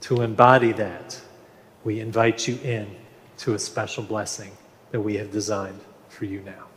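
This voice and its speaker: A man preaching a sermon as minister, slow and measured with gentle humor. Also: on the low side, little pitch movement, slight background noise. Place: large church sanctuary. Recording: long reverb of a large hall.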